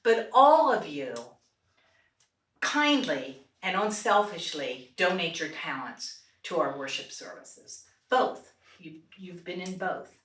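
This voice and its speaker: A woman's voice: on the low side, expressive, slow pace, a bit bright. A woman leading a group vocal exercise at a church retreat, playful and laughing often, congested from allergies. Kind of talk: casual workshop talk to a group. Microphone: distant room mic. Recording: echoey church room, mic far off.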